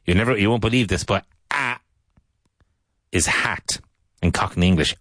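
An Irish man teaching English vocabulary, saying each word slowly and repeating it for learners. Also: fairly low pitch, fairly bright tone, no echo. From Ireland. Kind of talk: vocabulary lesson.

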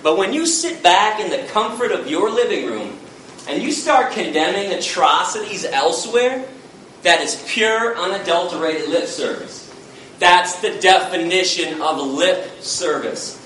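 Fired-up guy giving a blunt lecture, bright edgy voice, echoey hall, faint room noise. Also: high voice, expressive, a little slow, recorded from a distance. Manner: blunt, fiery, confrontational. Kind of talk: passionate public lecture.

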